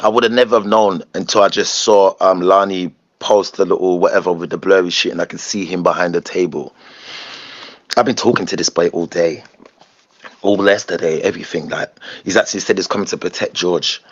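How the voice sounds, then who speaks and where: A man's voice: low voice, steady tone, brisk, lo-fi sound. A young man venting in an agitated, slangy rant from a social media clip.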